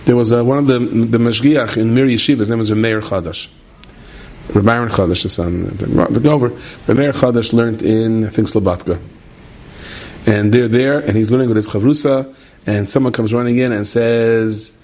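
A man telling a story in an animated way, repeating phrases for effect. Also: mid-range voice, normal speed. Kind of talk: spoken storytelling.

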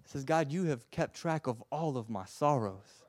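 A preacher gives a heartfelt, somewhat slow sermon in a medium-pitched voice with lively intonation, sinking almost to a hush before rising into loud, emphatic pleas. When moved, he stumbles over repeated words. The sound is close and dry, without room echo.

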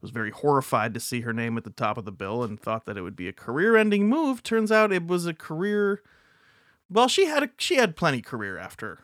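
A man hosting a podcast, recapping a film in casual chat with halting restarts. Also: medium pitch, no echo, studio quality. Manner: animated, halting storytelling with restarts. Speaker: podcast host.

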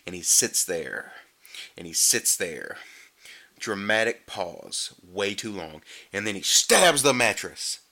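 Male comic reviewer, sarcastic and animated, bright forward tone. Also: slow pace. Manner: sarcastic, animated, mocks the acting with squeaky imitations. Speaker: movie reviewer. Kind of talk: comedic movie recap.

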